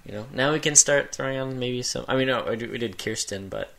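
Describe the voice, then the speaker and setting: A man's voice: medium pitch, a little fast, creaky, a crowd in the background. A man co-hosting a movie podcast, chatting in a laid-back way and laughing often. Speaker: podcast co-host. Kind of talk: casual chat.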